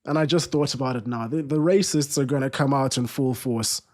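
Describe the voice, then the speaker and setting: A man's voice: mid-range voice, a little fast, a little mellow. A man hosting a live football watchalong stream, chatting casually, restarting sentences and reading viewer comments aloud.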